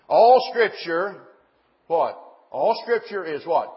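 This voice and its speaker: A man preaches a sermon in a church, his voice sitting high for a man. He is emphatic and keeps asking the congregation questions, then answering them himself. The recording sounds dull and muffled, with a long reverb trailing off the walls. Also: sing-song, takes it slowly.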